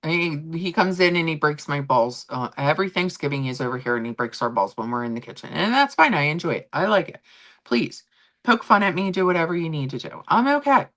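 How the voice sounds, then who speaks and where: A woman's voice: low voice, fairly quick. A middle-aged woman hosting a casual livestream chat with viewers, rambling and talking freely. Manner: chatty, animated, rambling with restarts. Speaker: livestream host.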